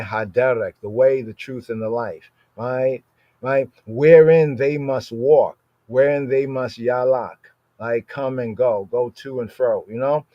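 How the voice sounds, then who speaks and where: A man explains scripture in a relaxed podcast study, checking in with "right?" over and over and slowing down whenever he quotes a verse. His voice sits in a middle range, and the recording is dry and slightly dull, like a lo-fi home setup. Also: mid-range voice, dry recording. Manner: conversational, frequent "right?" tag questions; slows down to read verses aloud. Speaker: Bible study teacher.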